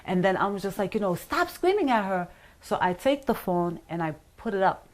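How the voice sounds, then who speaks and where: Here the same kind of guest talks a little fast in a mid-range, slightly mellow voice. The middle-aged woman meanders through her own story in an interview, full of "you know" and "like," voicing what others said.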